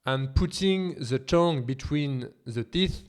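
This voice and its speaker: A man's voice: medium pitch, slow pace. A man with a French accent, a native French speaker, teaching a language lesson in an emphatic tone with rhetorical questions. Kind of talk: scripted video lesson.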